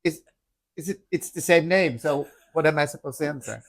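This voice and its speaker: A man's voice: a little high, a little fast, creaky. A man who is a drag queen, a guest chatting casually on a podcast, teasing and laughing often.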